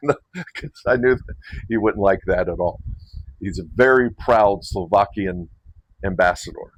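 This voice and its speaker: Man hosting a retreat, lowish voice, loose rambling talk with restarts. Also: measured pace, long pauses, no room sound, poor audio. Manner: rambling, restarts and self-corrections, chuckles. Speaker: men's retreat host. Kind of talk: casual invitation to camera.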